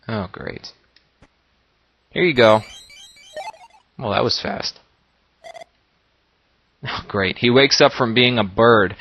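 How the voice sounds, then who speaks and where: In a muffled recording with a little background noise, a medium-pitched man provides casual, jokey game commentary. He's lively and speaks straight to his viewers.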